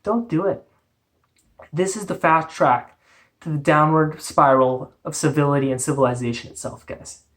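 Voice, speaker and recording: A woman's voice: low-pitched, moderate pace. A woman from Canada, delivering a profane, exasperated, blunt rant on her vlog. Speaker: vlogger. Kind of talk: ranting commentary vlog.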